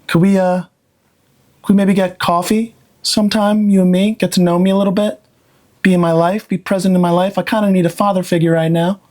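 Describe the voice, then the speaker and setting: Casting: a man doing a meek, pleading boy, pitched up and timid. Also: level tone, brisk, darkish tone, natural voice. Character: timid, needy twelve-year-old boy.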